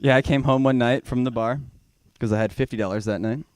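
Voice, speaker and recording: Smooth-voiced young man doing stand-up. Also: fairly even intonation, a little fast, dry recording. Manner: rambling, self-mocking storytelling with bursts of loud high-pitched shouting. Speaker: stand-up comedian. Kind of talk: stand-up comedy set. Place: small comedy bar stage.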